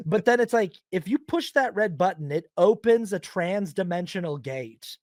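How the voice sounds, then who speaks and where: Animated high-voiced male film podcaster. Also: moderate pace, no echo, clean studio sound. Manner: animated, acts out characters in silly quoted voices. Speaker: podcast host. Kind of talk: casual film podcast chat.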